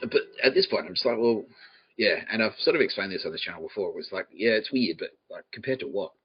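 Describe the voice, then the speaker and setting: Profane rambling Australian man, low voice. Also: expressive, fast talker, breathy edge, lo-fi sound. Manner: profane, laughing, jumps between quoted voices. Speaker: podcast host. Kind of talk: rambling comic monologue.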